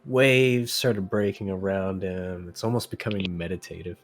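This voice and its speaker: A young man as game master, calmly narrating a tabletop game over voice chat. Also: low-pitched, normal speed. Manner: calm descriptive narration.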